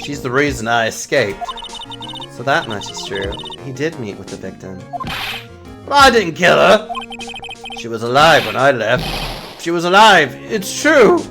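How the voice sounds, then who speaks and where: A streamer voicing a frantic male convict who pleads his innocence, in a bad put-on Cockney accent and a loud, stammering, pleading manner. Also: mid-range voice, sing-song, measured pace, long pauses. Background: game music.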